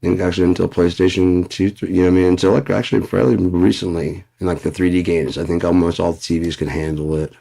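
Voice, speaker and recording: A man's voice: sits low, steady tone, fast talker, creaky, hardly any pauses, warm tone. A man in a blunt, profane ranting monologue for his vlog. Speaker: vlogger.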